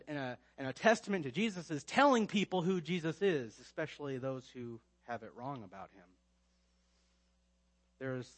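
A man preaching a sermon, emphatic, rising to loud stresses and dropping to quiet asides. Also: a little high. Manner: emphatic preaching with swings between loud and quiet, frequent restarts. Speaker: pastor.

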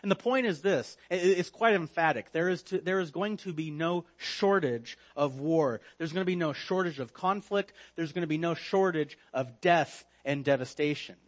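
A man preaching a sermon with emphatic repetition, letting phrase endings fall low and quiet. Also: normal speed, hardly any pauses. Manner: emphatic, repeats words, drops low on phrase ends.

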